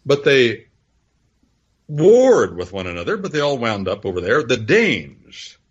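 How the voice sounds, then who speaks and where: A man's voice: medium pitch, very animated, unhurried, breathy edge, muffled recording. A man preaching and teaching on scripture in a folksy, rambling way, telling stories and spelling out words letter by letter.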